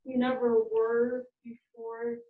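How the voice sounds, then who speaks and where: A teenage girl student joining a class discussion, animated as she retells a scene. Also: on the high side, slow pace, gravelly, a little hiss or hum. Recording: distant, tinny and roomy.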